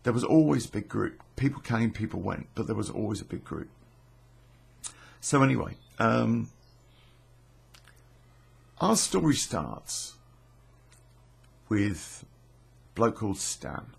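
A man's voice: fairly low pitch, sing-song, slow pace, gravelly, long pauses, husky. A middle-aged man, telling a rambling true story casually, swearing freely and stopping often on fillers and restarts.

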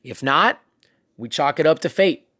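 A man's voice: fairly high pitch, expressive, a little slow, fairly bright tone, husky, no room sound, studio quality. A man hosting a casual motivational talk, coaching listeners in a conversational way with many fillers and asides. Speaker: self-improvement podcast host.

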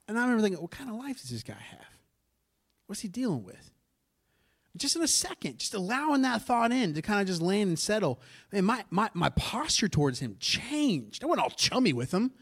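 A fairly high-voiced man preaches as if chatting with friends. He tells a personal story in a lively, conversational way, throwing asides to the congregation. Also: slightly rough. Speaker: pastor. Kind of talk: sermon storytelling.

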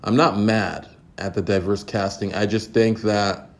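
A man's voice: fairly low pitch, steady tone, a little slow. A man hosting a podcast, ranting casually in a profane, exasperated, rambling way. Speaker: podcast host. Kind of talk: casual opinion rant.

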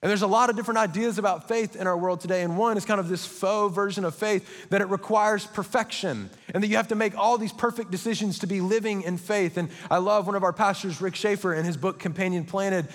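A young man delivers a sermon from a church stage, his voice sitting a little high for a man. He moves through stories with energy and quick asides. The sound carries the long ring of a large auditorium. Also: steady tone, fairly bright tone, long reverb tail. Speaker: pastor.

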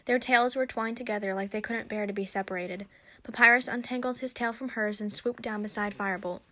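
A woman narrating a story aloud in a steady storybook reading. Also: mid-range voice, brisk.

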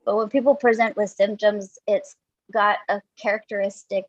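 A woman's voice: medium pitch, level tone, normal speed, dry recording, lo-fi sound. A woman guest doctor explaining things in casual podcast chat, self-conscious and laughing often.

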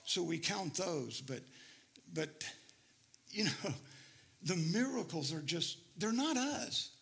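A middle-aged man, a missionary preacher telling stories in an animated sermon, often laughing. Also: high voice, takes it slowly, vocal fry. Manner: animated, laughing, rises to near-shouting in stories. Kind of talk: sermon storytelling.

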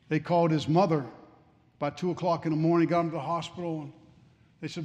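A man preaching a sermon, telling a story dramatically and swinging between hushed and fervent delivery. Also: fairly high pitch, fairly even intonation, fast. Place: church sanctuary. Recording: long reverb of a large church.

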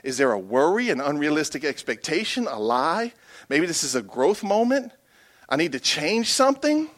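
A middle-aged male pastor preaches a humorous, animated sermon in a fairly high voice at normal speed. He swings between hushed asides and emphatic bursts.

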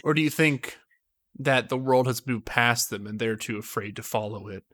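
A man's voice: medium pitch, normal speed, fairly bright tone, no room sound. A man chatting casually with friends, throwing in blunt, joking, profane asides. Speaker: podcast co-host. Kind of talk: casual chat.

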